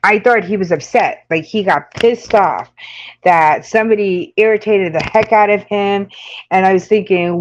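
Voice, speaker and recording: A woman's voice: medium pitch, normal speed, muffled recording, a little hiss or hum. A woman with a New York accent chatting casually with live-stream viewers, rambling with lots of fillers and frequent laughs. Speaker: makeup channel host.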